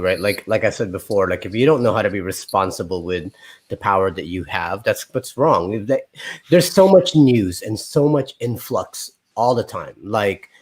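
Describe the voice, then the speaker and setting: A man from Florida in his thirties, a guest poet chatting casually and easily on a video call. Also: fairly low pitch. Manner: laid-back, rambling, quick to laugh.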